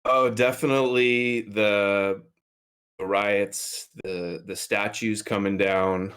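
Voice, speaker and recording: A man guesting on a livestream panel, giving measured, opinionated commentary. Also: fairly low pitch, fairly even intonation, fairly bright tone, clean tone. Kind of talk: casual panel chat.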